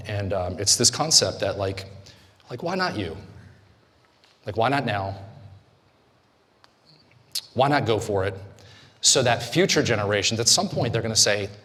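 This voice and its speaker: A man with a fairly low voice delivers a motivational talk to a room of agents. He speaks earnestly and haltingly, filling gaps with ums and uhs. His voice carries a long hall reverb. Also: fairly bright tone. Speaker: speaker at a real estate event.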